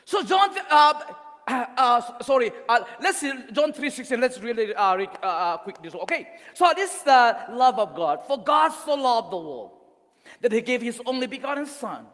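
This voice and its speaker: Youth preacher, male, high voice, exhorting and earnest, long hall reverb. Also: very animated, normal speed, fairly bright tone. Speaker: youth speaker. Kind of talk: youth sermon.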